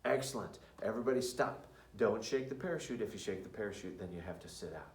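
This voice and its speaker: A man explaining a classroom parachute activity, halting with many fillers and breaking into loud sung and called-out cues to demonstrate. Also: on the low side. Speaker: music teacher. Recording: roomy echo from a distance.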